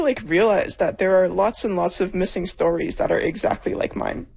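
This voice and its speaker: A woman's voice: medium pitch, darkish tone, low-quality recording. A woman interview guest giving earnest answers, often searching for her words.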